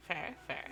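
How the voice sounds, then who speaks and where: A woman running a tabletop game as game master, playful and quick to laugh, sometimes dropping into character voices.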